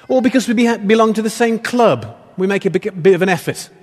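A man's voice: high-pitched, brisk. A man preaching a sermon in a conversational, playful way, with asides and jokes to the congregation. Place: church hall. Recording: long reverb of a church hall.

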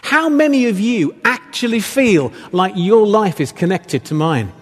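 A man preaches in a church hall, keeping it conversational and playful with jokes and asides for the congregation; the room's long reverb carries through the recording. His high voice has a sing-song, unhurried quality with a breathy edge.

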